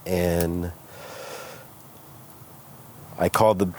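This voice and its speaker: A man from California, a guest entrepreneur, candidly telling his story with animated retellings of what people said. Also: low-pitched, drawn-out words, a little hiss or hum. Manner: animated, acts out quoted voices. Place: outdoors by a smoky fire.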